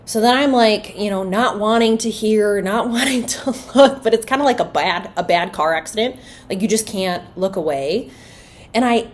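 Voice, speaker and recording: A woman hosting a parenting podcast, speaking in an animated, emphatic way with rhetorical questions. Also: mid-range voice, slight background noise. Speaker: podcast host.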